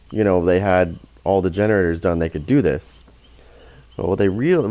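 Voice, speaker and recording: A man's voice: low-pitched, a little mellow, dull audio. A man hosting a gaming channel, talking casually and profanely over his gameplay, often restarting his sentences.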